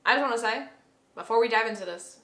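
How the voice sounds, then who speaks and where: A woman's voice: fairly high pitch, fast, a bit bright, roomy sound. A woman chatting casually to camera as she lays out a tarot reading, thinking aloud and breaking into gushing bursts. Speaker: tarot reader. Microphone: camera mic.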